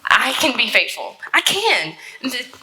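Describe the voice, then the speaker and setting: Sassy, bright-voiced woman. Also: fairly high pitch, big pitch swings, measured pace, rough recording. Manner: sassy, incredulous, playful. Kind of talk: comedic live stage skit.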